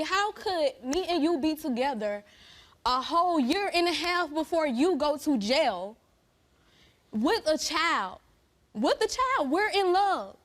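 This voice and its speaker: A young woman on a talk show stage telling how her baby son died, pleading and grieving, then loudly accusing. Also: sits high. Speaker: guest. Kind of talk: emotional talk show testimony. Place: television studio stage.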